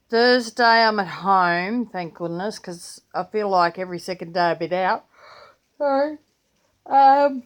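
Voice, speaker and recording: An older Australian woman with a grandchild, chatting casually and rambling through her planner and pens in a vlog. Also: medium pitch. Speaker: vlogger. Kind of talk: casual chat.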